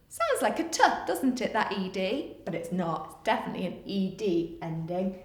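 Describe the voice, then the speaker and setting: Animated teacher in an echoey room. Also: female voice, medium pitch, normal speed. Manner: animated, sing-song storytelling, coaxing and encouraging. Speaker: primary school teacher. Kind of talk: reading a picture book aloud, then a phonics lesson for young children.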